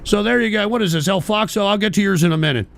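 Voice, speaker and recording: A man hosting a political radio show, ranting in a combative, profane way, often shouting and tagging lines with "all right?". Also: high-pitched, fast talker, creaky. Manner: repeats "all right?" and "for Christ's sake". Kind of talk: political call-in rant.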